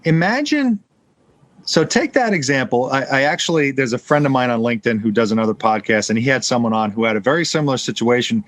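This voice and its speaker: A man's voice: mid-range voice, expressive, fast talker, dry recording. A man hosts a podcast, agreeing readily and chatting with plenty of fillers. His voice is recorded close and dry, with no room sound. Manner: affirming, frequent agreement, filler-heavy. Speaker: podcast host. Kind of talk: casual interview chat.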